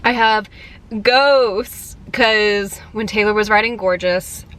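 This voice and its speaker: Young woman, casual vlog chat, bright tone, chatty filler-heavy delivery. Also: mid-range voice, slow, clean tone. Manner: chatty, giggly, lots of "like" and "um". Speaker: vlogger.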